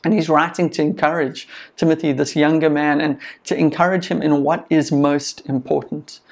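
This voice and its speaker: A man's voice: fairly high pitch, little pitch movement, normal speed, vocal fry. A man preaching a sermon as pastor, earnest and encouraging, with conversational asides to the congregation.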